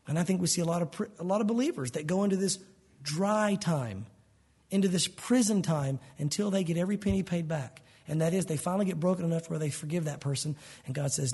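A man's voice: high-pitched, animated, fast, darkish tone, slightly rough. A man preaching a sermon in a conversational, earnest way, explaining verses in plain words and calling the listeners "guys". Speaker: pastor.

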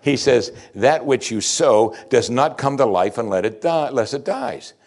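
A man preaching a sermon in a plain-spoken, folksy way, full of rhetorical questions, swinging from loud emphatic bursts to low quiet asides. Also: lively intonation, moderate pace.

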